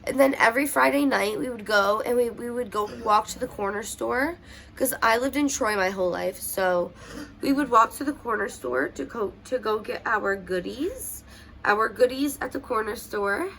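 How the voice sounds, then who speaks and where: A woman's voice: on the high side, moderate pace, gravelly, a bit bright, slight background noise. A young woman vlogger telling childhood stories in a rambling, tearful way at home. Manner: emotional, rambling with many fillers. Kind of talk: casual personal storytelling. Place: at home doing makeup.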